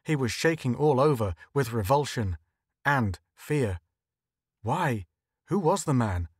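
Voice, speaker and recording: A man narrating a story in a measured, even audiobook reading. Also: mid-range voice, husky, no echo, clean studio sound. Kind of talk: scripted narration.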